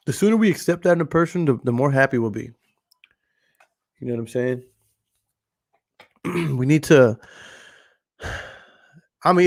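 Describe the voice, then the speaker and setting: A man, a podcast host talking loudly and passionately in a casual monologue to a camera in front of a green screen. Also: medium pitch. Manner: loud, passionate talker. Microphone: camera recording.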